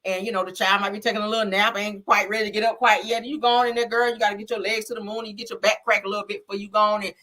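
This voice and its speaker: A woman with a mid-range voice hosts a live-stream gossip chat, reacting to viewer comments at a rapid-fire pace with few pauses. She's sassy and animated, heavy on slang, and laughs often.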